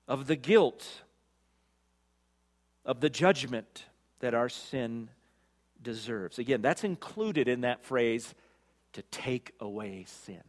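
A pastor preaching an expository sermon, swinging from loud emphatic peaks to quiet, drawn-out phrases. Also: male voice, medium pitch, lively intonation. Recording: long reverb of a large hall.

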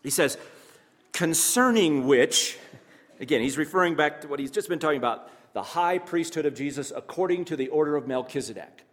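A pastor preaching a sermon to his congregation, measured and emphatic, with pauses and asides to the listeners. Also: a little high, in a large hall.

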